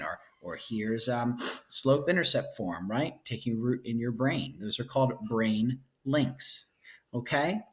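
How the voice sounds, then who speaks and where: A man teaching a casual lecture through a book chapter, chatty and playful, checking in with his students constantly. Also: mid-range voice. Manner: playful asides, enthusiastic about cute pictures.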